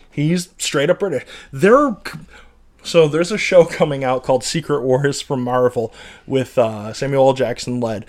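A man co-hosting a casual gossip podcast with his wife, animated and joking, breaking into loud outbursts. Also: mid-range voice. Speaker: podcast co-host.

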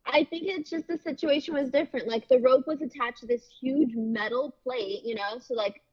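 A woman's voice: sits high, normal speed, muffled recording. A woman in casual chat, a reality show contestant who reassures her partner in an upbeat way. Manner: reassuring, upbeat, laughs easily.

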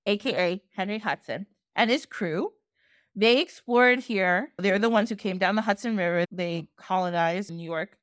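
Wise old village elder, as a woman storyteller voices him, measured, explaining, lower and softer than her usual voice. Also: no room sound, studio quality, natural voice. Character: oldest man in the village, wise and knowing.

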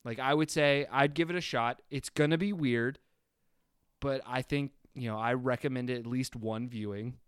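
Male podcast co-host, casual film talk, ranty and sweary, smooth clear voice, dry close mic. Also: medium pitch, normal speed, no room sound. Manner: animated, ranting, swearing casually.

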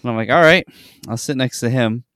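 Young man, casual podcast host, swears a lot, acts out quotes, mid pitch, dry sound. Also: fast, no echo. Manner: animated storytelling, swears freely, acts out quotes. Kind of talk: casual chat.

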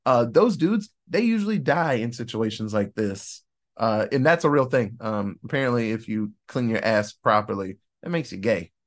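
A man's voice: medium pitch, animated, moderate pace. A man co-hosting a casual horror movie review podcast, rambling, swearing and laughing often. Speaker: podcast co-host.

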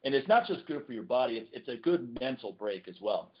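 A man with a husky voice chats casually on a podcast, earnest and relaxed, often restarting his sentences. His mid-range voice comes through dull, lo-fi audio. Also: medium pitch, fairly quick. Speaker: podcast co-host. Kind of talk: casual chat.

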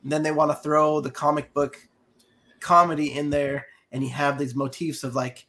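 A man chatting casually on a podcast, rambling with halting restarts. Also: a little high, level tone, pushed and bright. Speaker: podcast co-host. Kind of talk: casual chat.

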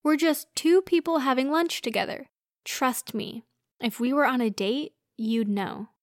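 A woman's voice: high voice, measured pace, no room sound, clean studio sound. A woman voicing a teasing young man. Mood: playful. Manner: playful, teasing.

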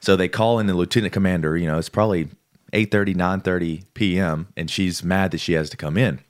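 A man's voice: sits low, a little fast. A man, a podcast guest, telling a story in casual talk and acting out the people he quotes. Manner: lively, acts out the people he quotes.

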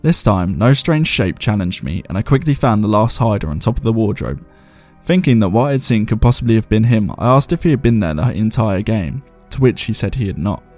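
A man's voice: on the low side, expressive, brisk, a little mellow, faint music behind. A man hosting a show, chatting loosely and reading viewer ghost stories aloud, laughing at himself as he goes. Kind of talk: casual commentary and reading aloud.

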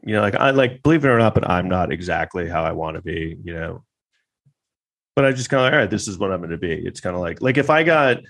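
A man's voice: low-pitched, creaky. A man delivering a rambling, sarcastic, profane monologue as a podcast host. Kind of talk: casual ranting monologue.

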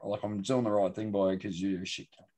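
A man's voice: lowish voice, steady tone, fast talker, very noisy. A young man co-hosting a casual podcast, easygoing and reminiscing with crude humour. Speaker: podcast co-host. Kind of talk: casual chat.

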